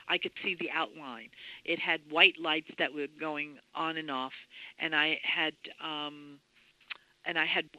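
A woman guest telling a story in an interview, excitable and full of restarts and repeated words. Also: deep voice, dry recording, rough recording.

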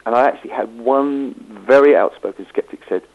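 A man's voice: mid-range voice, fairly quick, muffled recording. A man, a medium, telling stories in an interview and acting out the people he quotes. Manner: anecdotal, acts out quoted voices. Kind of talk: storytelling interview.

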